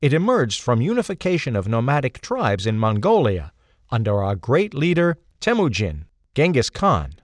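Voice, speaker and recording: A man's voice: mid-range voice, huge pitch swings, moderate pace, no echo, studio quality. A man voicing an earnest adult man who speaks in clipped sentences and explains things matter-of-factly. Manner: clipped, matter-of-fact, drops small words.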